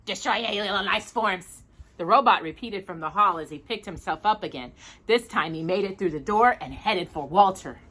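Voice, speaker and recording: Expressive woman reading a story aloud. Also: fairly low pitch, brisk. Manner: expressive, animated. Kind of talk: reading a picture book aloud.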